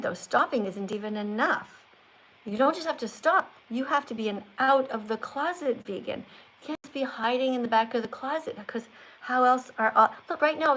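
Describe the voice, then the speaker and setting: A woman's voice: on the high side, fairly bright tone, poor audio. An older woman hosting a live stream, talking like a strict teacher who corrects and lectures. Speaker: livestream host.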